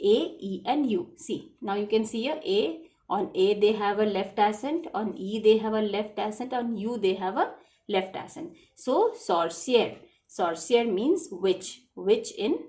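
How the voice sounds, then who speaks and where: A woman's voice: mid-range voice, darkish tone. A woman, teaching French to children in a patient lesson, repeating each word.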